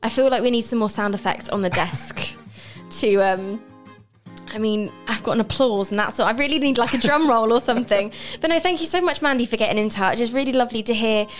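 A woman's voice: a little high, fairly quick, soft background music. A young woman presenting a local radio show, chatting in a bubbly, easy way and laughing often. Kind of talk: casual radio chat. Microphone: studio microphone.

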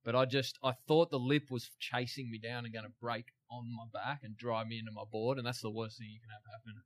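A man's voice: medium pitch, flat delivery, brisk. A man, a guest in a studio telling a story casually, chuckling and restarting as he goes. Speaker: big wave surfer guest.

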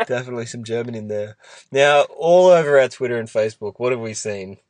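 A man's voice: medium pitch, animated, a little fast, a little mellow, dry recording. A man with an Australian accent hosting a casual sports podcast chat, rambling through his points and laughing often. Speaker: podcast host.

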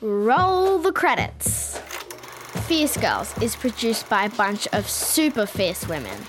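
Woman, higher voice, very lively, credits over clear music. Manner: bubbly, upbeat. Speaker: credits reader. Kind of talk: playful scripted credits read.

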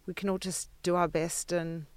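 A woman on a podcast panel, giving frank, animated opinions on parenting. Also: lowish voice, moderate pace, clean tone, dry recording. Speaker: podcast guest, writer. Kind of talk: casual panel chat.

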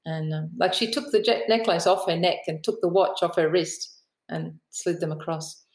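A woman's voice: lowish voice, normal speed, echoey room, low-quality recording. A woman author with an Australian accent, telling stories in a podcast interview, chatty and laughing often. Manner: chatty storyteller, laughs often, mimics the people she quotes. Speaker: author and aviation writer, guest.

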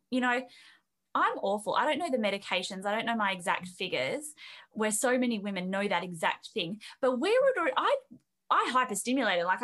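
A woman's voice: mid-range voice, fairly bright tone. A woman with an Australian accent hosting a podcast interview in a bubbly, chatty way, laughing easily. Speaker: podcast host.

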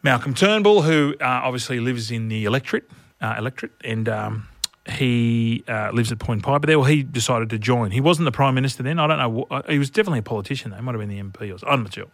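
Animated man telling a story. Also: medium pitch, fast, dry recording. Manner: animated storyteller, laughs through his lines. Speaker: podcast co-host. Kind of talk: casual chat.

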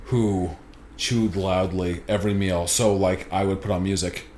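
A man's voice: deep voice, steady tone, measured pace, darkish tone, roomy sound, a little hiss or hum. A man as a podcast guest in casual chat, laid-back and blunt with crude humor.

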